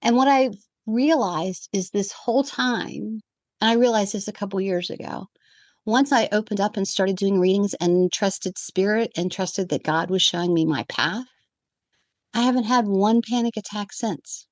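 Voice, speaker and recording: A woman of middle pitch tells her own story as a podcast guest. She is animated and voices the other people in the story as she goes. The sound is dry and close, with no room echo. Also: moderate pace. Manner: animated storyteller who acts out the quoted dialogue. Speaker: guest, evidential medium. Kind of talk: personal storytelling in a podcast conversation.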